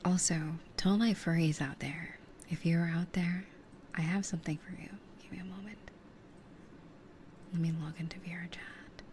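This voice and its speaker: A young woman streamer in whispered casual chat. She speaks softly into a close binaural ASMR mic and rambles with many fillers. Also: lowish voice, fairly even intonation, moderate pace, a little hiss or hum.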